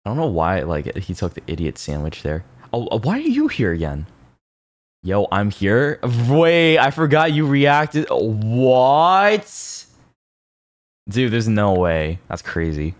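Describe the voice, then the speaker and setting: A man streaming casually, reacting to viewers' posts in an excitable, sweary way. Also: low voice, normal speed, no echo. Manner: excitable, swears freely, jumps between mumbling and loud outbursts.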